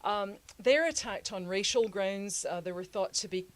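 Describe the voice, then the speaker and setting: A woman's voice: mid-range voice, normal speed. A woman co-hosting a history podcast, talking casually with laughing asides and many fillers. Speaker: podcast co-host.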